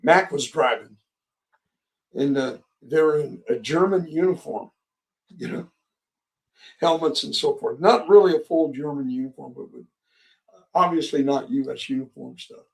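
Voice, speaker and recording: A man in his seventies, a veteran guest, tells a long story with many halting pauses and chuckles. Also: a little high, creaky, recorded from a distance. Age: 70s. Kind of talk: storytelling interview.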